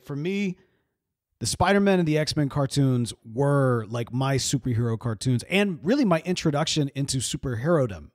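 A man's voice: on the high side, no room sound, clean studio sound. A man in his thirties who grew up in the American South, talking through a cartoon episode in an earnest, emotional, rambling way with many asides. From Southern US, grew up in Mississippi. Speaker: video creator reacting to a cartoon episode. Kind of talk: casual reaction monologue.

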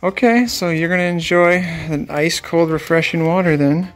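A man's voice: a little high, fairly even intonation, moderate pace, rough recording. A man hosting a casual vlog, talking in a wry, playful, teasing way. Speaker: vlog host. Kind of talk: casual joking vlog narration.

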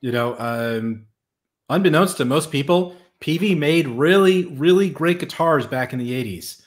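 Male host, relaxed gear-talk chat, hesitant "uh"s throughout. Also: a little high, measured pace. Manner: easygoing, with frequent hesitations. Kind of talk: casual chat.

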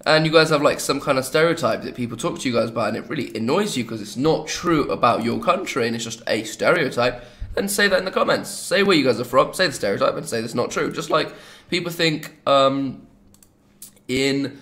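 A man's voice: mid-range voice, lively intonation, fairly quick, a bit bright. A young man from England with an English accent, chatting casually and rambling with jokey asides as he hosts a gaming video. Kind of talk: casual gameplay commentary.

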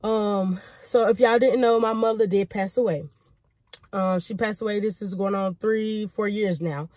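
A young woman vlogging from a car, talking chattily and excitedly to her viewers and saying "y'all" a lot. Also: mid-range voice, measured pace, no room sound. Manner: chatty, repeats "y'all" often, excited and grateful. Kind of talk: casual chat to the camera.

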